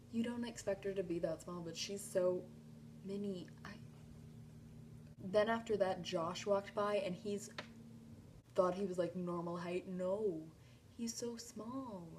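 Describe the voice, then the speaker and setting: A woman's voice: fairly low pitch, a little hiss or hum. Gushing young woman telling a fan story. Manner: gushing, breathless retelling with filler "like". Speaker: vlogger. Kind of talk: excited storytime vlog.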